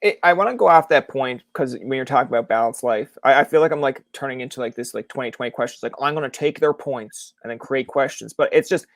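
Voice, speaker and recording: A young man hosting a podcast interview, talking in a rambling, animated way with lots of fillers. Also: mid-range voice, quick pace, few pauses, dry recording, clean studio sound. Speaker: podcast host. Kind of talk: casual interview chat.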